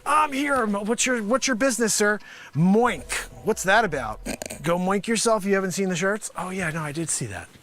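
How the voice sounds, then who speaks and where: This man emcees a live improv comedy night, meandering through a salesman gag while chatting with a pretend panel. Every so often he breaks into yelling, and his delivery is animated at an ordinary speed.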